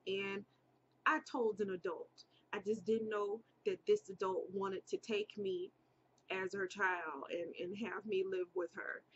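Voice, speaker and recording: A woman's voice: medium pitch, fairly even intonation, unhurried, highs cut off, a little hiss or hum. A woman casually telling a personal story to viewers, chatty, repeating herself and speaking straight to her audience.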